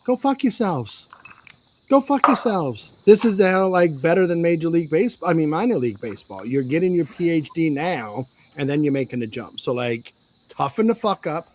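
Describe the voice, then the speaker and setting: A man with a slightly high voice tears into a team in a crude, heated sports rant. He swings from loud, emphatic outbursts down to low muttering. His talk is full of profanity. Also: animated, fairly quick, a little hiss or hum. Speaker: sports podcast co-host.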